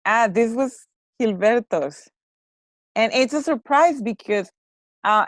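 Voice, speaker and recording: A woman from Mexico teaching English, giving a class feedback on their pronunciation and repeating words slowly to model them. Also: medium pitch, dry recording.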